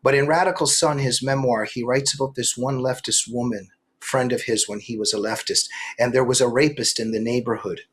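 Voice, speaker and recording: A middle-aged man, an author interviewed as a guest, telling animated stories with many quick restarts. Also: mid-range voice, slightly rough. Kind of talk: political interview.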